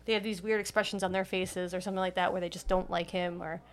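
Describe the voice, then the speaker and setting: Speaking quickly in a fairly low voice with little pitch movement, another podcast co-host chats casually about a film. She rambles, using many fillers and restarting often.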